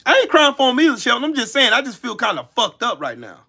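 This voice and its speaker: A man rants on his live stream, hurling profanity at viewers and calling them out by name. His pitch leaps wildly between loud shouted bursts and low muttered asides. The tone is bright and sharp-edged. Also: huge pitch swings, fast, vocal fry, husky. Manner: angry, profane, cussing out viewers. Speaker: livestream host. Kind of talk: live-stream rant answering chat.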